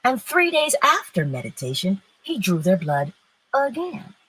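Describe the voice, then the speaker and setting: A woman with a very husky, breathy voice gives an inspirational talk on a live stream. She speaks slowly and her pitch swings widely. She moves between emphatic preaching and easy chat with her viewers, laughing often. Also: huge pitch swings, a bit bright, poor audio. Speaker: host of a live-streamed morning inspiration show.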